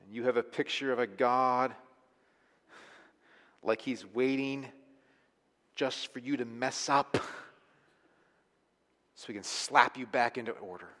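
A man preaching a sermon as pastor, emphatic, moving between hushed and forceful delivery. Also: medium pitch, slow, long pauses. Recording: long hall reverb.

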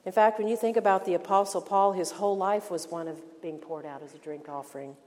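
An older woman teaching a women's Bible study in an earnest, emphatic sermon style, slowing down to stress key phrases. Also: on the low side, fairly even intonation, darkish tone. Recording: long hall reverb.

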